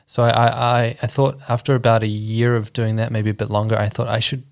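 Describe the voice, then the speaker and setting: A man in his thirties from New Zealand with a New Zealand accent, a guest architect chatting casually in an interview with relaxed, hesitant speech full of ums. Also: mid-range voice, fairly quick, vocal fry, no echo, clean studio sound.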